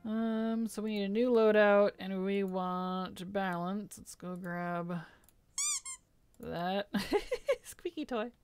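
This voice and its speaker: A woman's voice: medium pitch, darkish tone. A young adult woman live-streaming a game in casual chat, reading viewers' messages aloud, answering them and laughing often.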